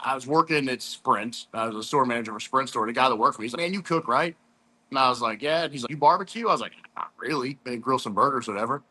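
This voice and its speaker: Bright-voiced guy from st louis, 30s, just chatting easy about his bbq days, lots of "dude". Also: medium pitch. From St. Louis, USA. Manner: laid-back, chatty, says "dude" and "man" a lot. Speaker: competition barbecue pitmaster guest. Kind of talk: casual storytelling interview.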